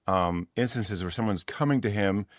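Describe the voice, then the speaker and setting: A man's voice: on the low side, moderate pace, no room sound, studio quality. A man co-hosting a podcast, animatedly retelling a story in casual book chat and laughing often. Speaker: podcast co-host.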